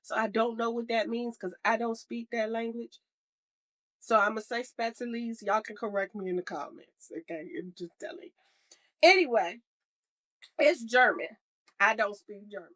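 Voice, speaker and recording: A woman's voice: fairly high pitch, moderate pace, a bit bright. A woman co-hosting a podcast in casual chat, rambling and playful, laughing often. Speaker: podcast co-host.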